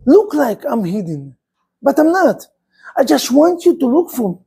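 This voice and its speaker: Man, rabbi, impassioned sermon, gravelly fry, warm dark tone. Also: very high voice, very animated, normal speed, low-quality recording. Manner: impassioned preaching, rhetorical questions.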